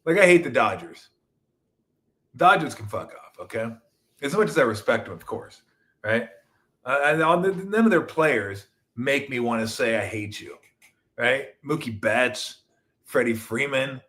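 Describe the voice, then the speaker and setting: A middle-aged man from Southern California riffs through a casual solo sports talk show. He rambles and jokes, jumps to loud excited peaks, then drops to mumbled asides, his pitch swinging widely. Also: a little slow, pauses often.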